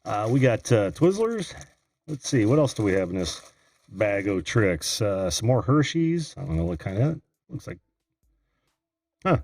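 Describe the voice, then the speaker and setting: A man's voice: fairly low pitch, big pitch swings, unhurried, long pauses, a little mellow, no echo. A man from Indiana hosting a live video call-in show, chatting casually, laughing often and greeting viewers by name. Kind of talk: casual live-stream chat.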